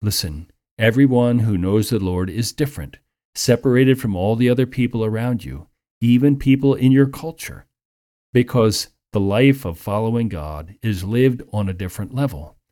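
A man preaching a sermon in an earnest, measured way, lifting his voice for emphasis. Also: lowish voice, dark tone.

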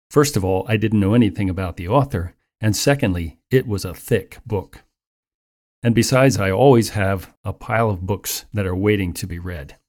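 A man preaching a Bible teaching in a measured, earnest, explanatory way. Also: fairly low pitch, darkish tone. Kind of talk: sermon-style Bible teaching.

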